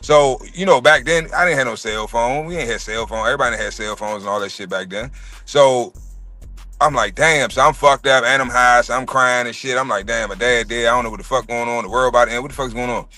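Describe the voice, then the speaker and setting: A man in his thirties telling a personal story in casual chat, profane and animated. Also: medium pitch, brisk, faint music behind. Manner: profane, animated storytelling, acts out quoted voices.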